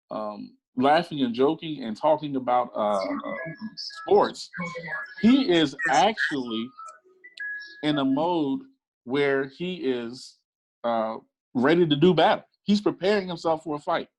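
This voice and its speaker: Middle-aged man, former cop, earnest discussion voice, animated storytelling, mid pitch. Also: poor audio. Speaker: panel speaker, former police officer.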